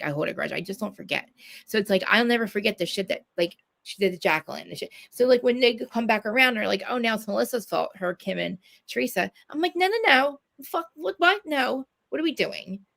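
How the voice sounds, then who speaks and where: Gravelly, cursing woman ranting. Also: mid-range voice, fast talker, fairly bright tone. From New Jersey. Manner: profane, ranting, many restarts. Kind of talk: casual chat.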